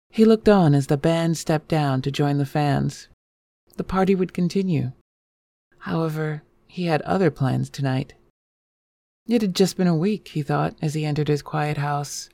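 A woman narrating a scripted story in a measured, gentle, melancholy way. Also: low voice, no room sound.

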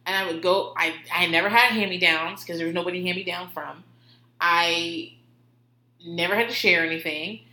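A woman's voice: lowish voice, moderate pace, sharp tone. A woman telling rambling, profane stories in a casual way, laughing often. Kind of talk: casual storytelling. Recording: roomy echo.

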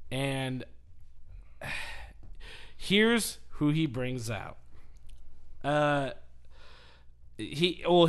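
A man hosting a podcast, telling a story in casual chat and acting out the quotes. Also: medium pitch. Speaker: podcast host.

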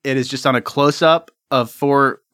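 Bright playful man narrating improv. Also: mid-range voice, steady tone, normal speed. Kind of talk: improvised comedy scene narration.

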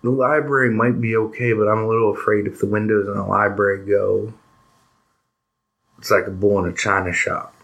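A man's voice: fairly low pitch, little pitch movement, normal speed, vocal fry, a bit bright, rough recording. A man playing a tabletop role-playing game, thinking aloud and swearing casually. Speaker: player.

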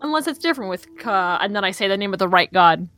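A woman's voice: medium pitch, expressive, fast talker, a bit bright, no echo. Wry, hesitant woman player. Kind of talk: casual tabletop play.

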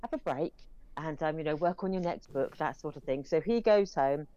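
A woman's voice: sits low, lively intonation, normal speed, dark tone, no echo, lo-fi sound. A woman reviewing films in casual, rambling chat, with many fillers. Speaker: film reviewer.

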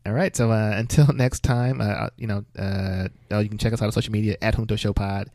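A man's voice: on the low side, steady tone, fairly quick, dark tone, no room sound, studio quality. A man co-hosting a podcast in casual chat, joking and laughing often. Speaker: podcast co-host.

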